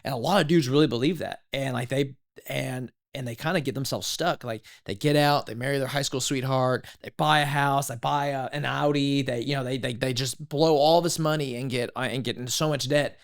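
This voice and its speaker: A man in his thirties, a podcast guest telling his story in a casual, animated way, full of "like" and "legit". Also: mid-range voice, a little fast, gravelly.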